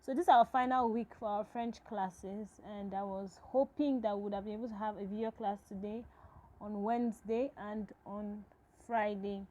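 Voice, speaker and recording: A woman's voice: medium pitch, steady tone, moderate pace, a little mellow, poor audio. A woman teaching a French lesson to absent students, talking patiently, repeating each phrase and checking in with "okay?".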